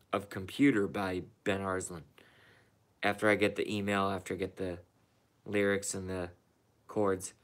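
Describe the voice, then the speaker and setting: A man talks slowly and loosely on a late-night live stream, rambling and swearing. His voice is somewhat low but bright and forward, and he sounds worn out from being up all night. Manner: rambling, profane, talks to his cat and chat. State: tired from staying up all night. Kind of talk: casual live stream chat.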